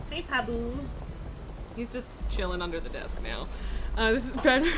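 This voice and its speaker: A woman's voice: fairly high pitch, background noise. A woman live-streaming in casual chat, laughing often, swearing and scolding her pet from her home streaming room.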